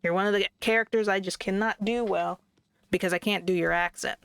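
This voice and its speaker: A woman's voice: medium pitch, steady tone, a little fast, gravelly, fairly bright tone, a little hiss or hum. A woman chatting casually through a let's play, grumbling about lag and joking at her own expense, recorded on a desk microphone. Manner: chatty, complaining about lag, self-deprecating. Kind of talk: casual game commentary. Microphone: desk microphone at a computer.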